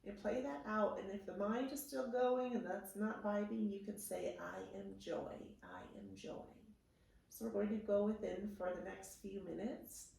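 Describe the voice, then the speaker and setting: A woman teaching a restorative yoga class, giving soft, soothing guidance and gentle affirmations. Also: mid-range voice, fairly even intonation, normal speed, creaky, few pauses. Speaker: yoga instructor. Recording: roomy, from a distance.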